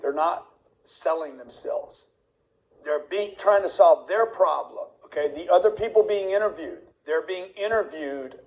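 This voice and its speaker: A man's voice: fairly high pitch, low-quality recording. A man giving motivational career advice, emphatic and fond of long repeated lists. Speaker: career coach. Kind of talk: motivational talk to camera.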